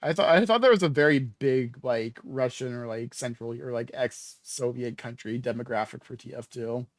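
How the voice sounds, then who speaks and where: A man in casual podcast chat with a mid-pitched voice. He stumbles over his openings, repeating words before getting his point out. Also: moderate pace. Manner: stammering, repeats words at the start. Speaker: podcast co-host.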